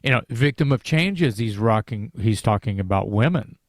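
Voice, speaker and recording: A man's voice: on the low side, animated, moderate pace, dry recording, studio quality. A man in a casual podcast discussion about an album, talking in rambling sentences with many restarts and fillers.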